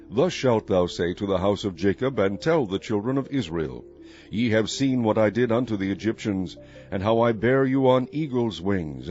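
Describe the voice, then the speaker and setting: A preacher reading scripture aloud in a solemn, measured way, with deliberate phrasing. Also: male voice, on the low side, a little mellow. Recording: muffled recording with faint music behind.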